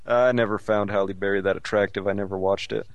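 A man's voice: on the low side, fairly even intonation, fast, muffled recording, slight background noise. A man co-hosting a podcast in casual comedic chat, teasing his friend with a dry wit. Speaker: podcast co-host.

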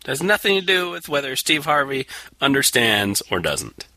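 A man's voice: medium pitch, very animated, normal speed, sharp tone, slight background noise. A man co-hosting a podcast, riffing with dry sarcasm in casual chat. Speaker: podcast co-host. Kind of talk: casual comedic commentary.

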